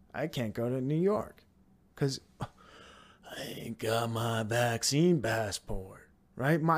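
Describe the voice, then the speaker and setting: Profane, rambling man ranting on a podcast. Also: mid-range voice. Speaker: podcast host. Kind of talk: casual solo podcast rant. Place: home, seated at a computer on a dining chair.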